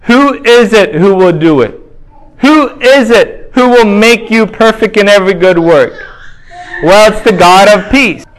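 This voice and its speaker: A man with a high voice preaches a sermon. He keeps asking his listeners questions and answering them himself. When he quotes scripture, he reads it slowly. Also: poor audio.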